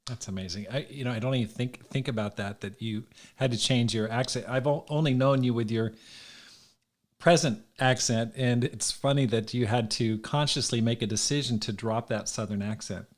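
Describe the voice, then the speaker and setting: A man hosting a podcast interview in a relaxed, conversational tone. He often doubles back on his words and restarts as he works out his questions. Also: medium pitch, moderate pace. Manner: relaxed, restarts and repeats words while thinking. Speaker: podcast host.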